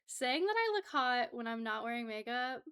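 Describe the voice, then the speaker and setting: A woman's voice: a little high, very animated, normal speed, a bit bright, clear, resonant tone. A young woman hosting a casual livestream from her home setup, chatting with viewers in a bubbly, giggly way and getting easily flustered. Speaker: livestream host.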